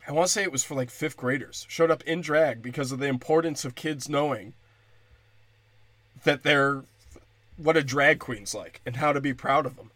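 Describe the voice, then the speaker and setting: A man's voice: mid-range voice, moderate pace, fairly bright tone, dry recording. Profane ranting young male comic. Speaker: stand-up comedian. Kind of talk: stand-up comedy rant.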